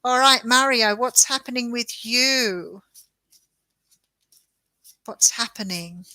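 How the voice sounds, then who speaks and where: A woman's voice: on the high side, slow pace, bright, forceful tone, dry recording. An Australian woman, a tarot reader, giving chatty and reassuring readings on a live stream with frequent laughter.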